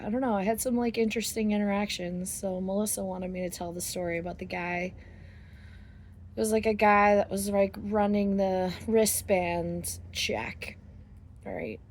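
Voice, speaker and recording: A woman's voice: medium pitch, darkish tone, slight background noise. A middle-aged woman telling a rambling, casual story to her viewers, laughing often and swearing freely. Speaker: vlogger.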